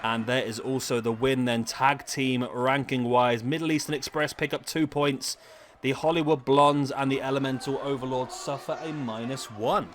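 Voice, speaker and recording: A man's voice: mid-range voice, fairly even intonation, normal speed, slight background noise. A man in his thirties streaming a wrestling game live, chatting casually to viewers. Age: 30s. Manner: chatty, talks to chat viewers. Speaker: gaming streamer.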